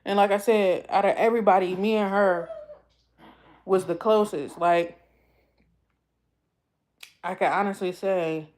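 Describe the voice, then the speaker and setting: Young woman streamer from the East Coast, middle pitch, casual and heartfelt, rambles and repeats herself. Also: steady tone, measured pace, pauses often, darkish tone. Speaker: YouTube livestream host. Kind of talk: casual livestream chat.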